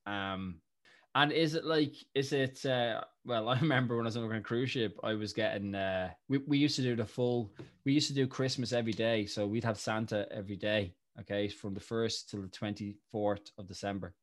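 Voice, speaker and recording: A man's voice: lowish voice, moderate pace. An Irish man hosting a casual podcast chat, talking with many restarts and fillers. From Ireland. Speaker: podcast host.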